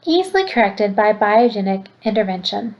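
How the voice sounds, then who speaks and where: A woman's voice: medium pitch, sing-song, normal speed, dull audio. A woman reading aloud, voicing a small, clever, bossy boy who talks in a formal, lofty way. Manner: precise, lofty wording.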